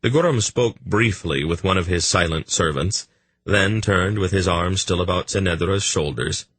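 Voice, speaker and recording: A man reading a fantasy audiobook in a measured, even storytelling manner. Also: sits low, breathy edge, dry recording. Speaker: audiobook narrator. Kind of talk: scripted fantasy narration.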